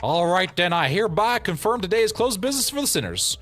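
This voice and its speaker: A man's voice: high-pitched, big pitch swings, quick pace, a bit bright, soft background music, voice pushed up. A man voicing a brash, bossy guide barking orders. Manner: brash, commanding.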